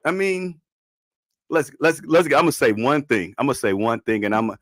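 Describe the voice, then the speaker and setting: A man hosting a podcast in casual sports talk, animated, slangy and repeating himself. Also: medium pitch, a little fast, no echo, studio quality. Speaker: podcast host.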